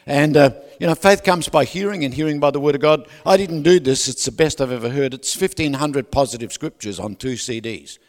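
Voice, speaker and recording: A man preaching a sermon, loud and animated, who keeps asking the crowd for agreement and drops joking asides with laughs. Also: on the high side, fairly quick, hardly any pauses. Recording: long hall reverb.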